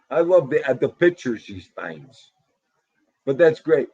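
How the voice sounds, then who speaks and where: Husky, slow-talking livestream host. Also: male voice, medium pitch, dry recording, dull audio. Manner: animated, talks loudly, greets chatters by name. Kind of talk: casual livestream chat reading comments. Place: home room.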